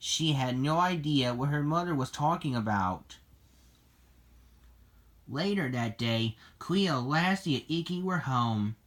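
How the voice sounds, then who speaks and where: A reader narrating a children's storybook in a slow, deliberate way. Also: mid-range voice, expressive, a bit bright.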